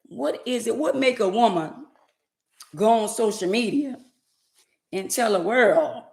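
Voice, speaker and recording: A woman with a fairly high voice rants in slow, drawn-out phrases. She is indignant and emphatic, hammering the same words again and again, and the room echoes around her. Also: lively intonation, vocal fry, darkish tone. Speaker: vlogger. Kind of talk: ranting commentary to camera.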